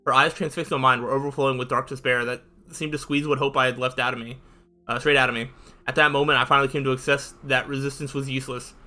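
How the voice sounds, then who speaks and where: A man's voice: mid-range voice, flat delivery, quick pace, pushed and bright. A man reading a visual novel aloud in a casual way, with fillers and side comments. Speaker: channel host reading aloud.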